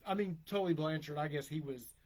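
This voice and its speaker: A man's voice: on the high side, brisk. A man co-hosting a casual podcast, joking and chiming in often. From St. Louis area. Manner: playful, jokey, chimes in often. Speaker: podcast co-host. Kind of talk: casual chat.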